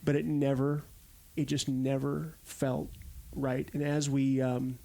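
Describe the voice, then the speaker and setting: A man's voice: mid-range voice, level tone, slow, gravelly, dark tone. A man in his forties from Arizona, a podcast guest telling stories casually and animatedly, acting out the quotes. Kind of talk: casual storytelling.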